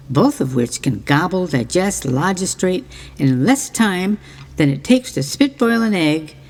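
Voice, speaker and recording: Mock-earnest woman, lively pitch, echoing hall. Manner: mock-earnest, playful wordplay. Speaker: narrator of a mock book trailer. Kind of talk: scripted comic monologue.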